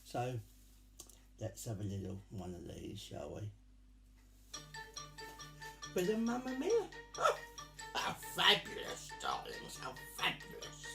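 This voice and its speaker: A man performing as a drag act speaks to his online audience in a campy, theatrical way. His pitch leaps all over the place while he keeps an unhurried, drawn-out pace. The room around him rings with echo. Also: wildly swooping pitch, over music. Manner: camp, theatrical, calls listeners dear and darling. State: sweltering in costume. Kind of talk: live virtual Pride stage address.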